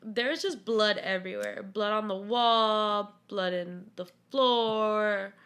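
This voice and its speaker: A woman co-hosting a podcast, chatting in a giggly, animated way. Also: mid-range voice, slow, clear, resonant tone. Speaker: podcast co-host. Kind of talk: casual chat.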